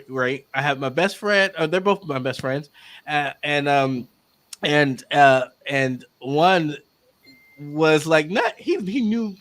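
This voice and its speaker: A woman podcast guest who tells a story with energy, acting out the voices of the people in it. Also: low-pitched. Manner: acts out quotes, lively and exclamatory. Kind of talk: animated storytelling.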